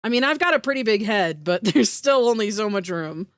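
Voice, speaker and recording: A woman's voice: mid-range voice, animated, a little fast, no echo. A woman streamer chatting casually with her viewers, bubbly and giggly, full of "like" fillers, with an emotional voice that rises into teary squeals.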